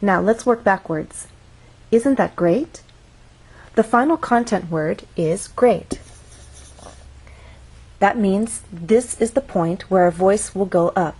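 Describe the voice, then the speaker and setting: A woman teaching English pronunciation, explaining intonation slowly and carefully and demonstrating patterns on example words. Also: medium pitch, a little mellow, slightly rough, low-quality recording. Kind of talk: slow, careful instructional explanation.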